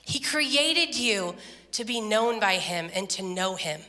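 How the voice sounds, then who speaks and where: Bright-voiced woman preaching in a hall. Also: medium pitch, takes it slowly. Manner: animated storytelling, laughing, voice jumps up when quoting. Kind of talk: sermon. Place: church.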